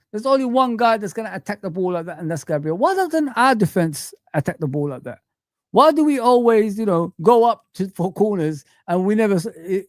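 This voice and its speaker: A man's voice: high voice, darkish tone, no echo, clean studio sound. A man hosting a football live stream, ranting in heated street slang as he reads the chat.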